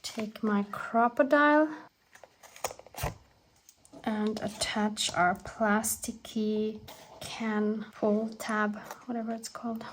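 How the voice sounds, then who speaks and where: A woman hosting a crafting video, chatting casually and warmly as she works, laughing often and gushing over her projects. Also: mid-range voice, fairly even intonation, slow pace, pauses often, a little hiss or hum. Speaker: crafting channel host. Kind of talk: casual craft tutorial chat.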